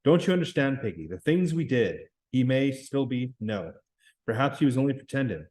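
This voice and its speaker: A man reading aloud and voicing a shaken boy leader who speaks in a low, stricken way. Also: big pitch swings, moderate pace, a little mellow, natural voice.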